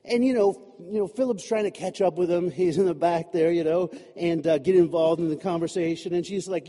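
A man's voice: sits high, moderate pace, warm tone. A man preaching a sermon in a loose, chatty way, joking often and leaning on "you know". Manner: chatty and humorous, many fillers like "you know". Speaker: pastor. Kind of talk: conversational sermon. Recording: echoey hall.

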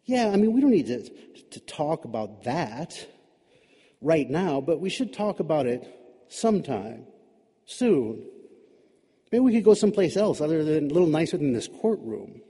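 A mild, bewildered God who speaks softly and rambles in a conciliatory way, voiced by a man in a storybook reading. The voice is dark and husky. A long reverb trails each phrase. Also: on the high side, very animated, moderate pace, full character voice. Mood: gentle. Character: mild, puzzled, gentle male God.

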